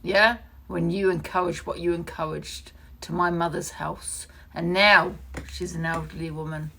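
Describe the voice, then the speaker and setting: A woman's voice: fairly low pitch, fairly even intonation, a little slow, creaky, a bit bright. A woman ranting angrily on a live stream, swearing and repeating accusations. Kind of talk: heated live-stream rant.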